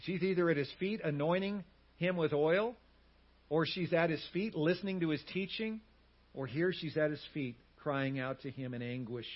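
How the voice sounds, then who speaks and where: A male pastor preaching a sermon, swinging from loud emphatic lines to hushed, quiet words. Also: fairly high pitch, moderate pace, husky, dull audio.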